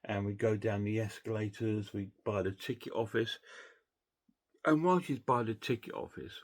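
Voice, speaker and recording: A man's voice: fairly low pitch, moderate pace. A man casually recapping a film's plot, rambling with many restarts and fillers. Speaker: film reviewer.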